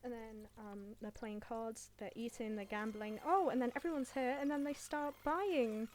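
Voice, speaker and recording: Woman, fairly high voice, casual rambling recap, irreverent, swears, lots of ums and likes. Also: moderate pace, a little hiss or hum. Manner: offhand and irreverent, swears, many fillers. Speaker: video creator summarizing a film.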